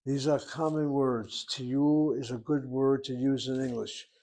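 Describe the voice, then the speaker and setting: Male teacher, mid-range voice, patient explainer who repeats each word slowly. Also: mid-range voice, flat delivery, dark tone. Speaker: Hebrew teacher. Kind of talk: recorded language lesson.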